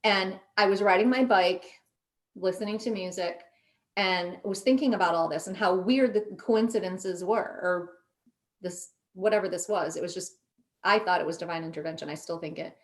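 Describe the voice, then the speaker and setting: A middle-aged woman telling a personal story in a casual chat, animated and quoting herself and others as she goes. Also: lowish voice, normal speed. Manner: animated, quotes herself in lively voices. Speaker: podcast guest.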